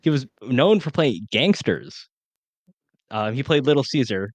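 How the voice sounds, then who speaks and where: A young man co-hosting a podcast, chatting casually about an old film, talking fast with lots of fillers. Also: medium pitch, expressive, no echo. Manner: fast, rambling with many fillers. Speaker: podcast co-host. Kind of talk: casual film-review chat.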